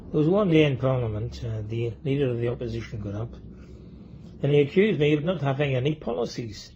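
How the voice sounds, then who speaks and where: A man's voice: mid-range voice, expressive, a little fast, a little mellow, breathy edge. A man telling comic anecdotes and reading a short poem, with a rambling delivery full of ums and uhs. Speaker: comedian and poet. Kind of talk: joke telling and poetry reading. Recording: dull lo-fi recording.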